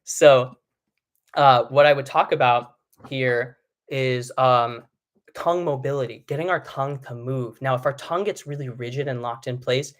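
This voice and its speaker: A young vocal coach leads a live online singing lesson, explaining things in a relaxed way and slipping into short sung demonstrations. His voice is medium in pitch and his pace is moderate.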